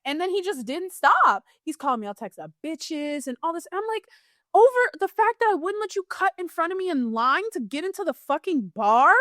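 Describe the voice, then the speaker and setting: A young woman co-hosting a podcast, chatting casually and telling stories in an animated way, jumping up high when she quotes herself. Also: brisk, no echo, studio quality. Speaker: podcast co-host. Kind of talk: casual chat.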